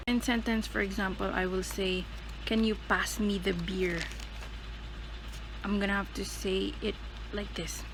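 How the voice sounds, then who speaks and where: A woman presenting a school video, calmly explaining pronunciation tips and repeating example words one by one. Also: medium pitch, moderate pace, gravelly, slight background noise, poor audio. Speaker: student presenter.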